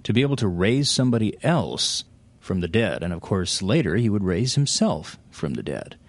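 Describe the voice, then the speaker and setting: A male program announcer giving a calm, measured closing announcement after a sermon. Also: fairly low pitch, dry recording.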